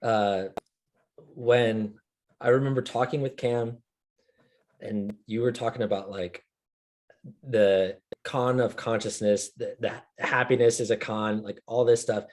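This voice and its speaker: A man's voice: medium pitch, steady tone. A man in casual podcast conversation, talking in slangy bursts that speed up. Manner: slangy, bursts into quick runs of words. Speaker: podcast co-host.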